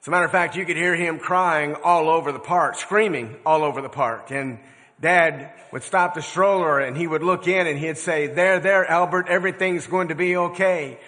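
Bright-voiced older preacher in a reverberant hall. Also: male voice, a little high. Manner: earnest storytelling preacher with measured, emphatic phrasing. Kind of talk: sermon. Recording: long reverb of a large hall.

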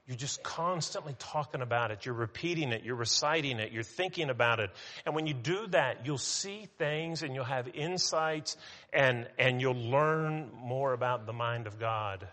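A man preaching a sermon as pastor, talking in a conversational way with restarts, and slowing down for emphasis. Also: medium pitch, pushed and bright, big-room sound.

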